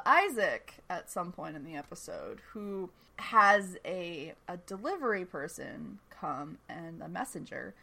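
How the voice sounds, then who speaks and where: A woman's voice: medium pitch, sharp tone. A woman hosting a podcast, casually recapping a TV episode in a chatty, enthusiastic way with plenty of fillers. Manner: chatty and enthusiastic, often laughing, filler-heavy. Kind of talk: casual chat.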